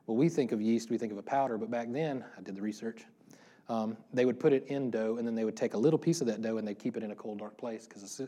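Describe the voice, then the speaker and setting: A man with a mid-range, dark-toned voice preaches informally to a congregation in a church room. He keeps it interactive, asking the listeners questions, and laughs a lot along the way.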